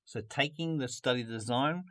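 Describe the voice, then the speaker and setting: A man's voice: mid-range voice, moderate pace, a bit bright. A man teaching a business video lesson, jokey and upbeat, with a close mic. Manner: jokey, puts on a mock French accent at times.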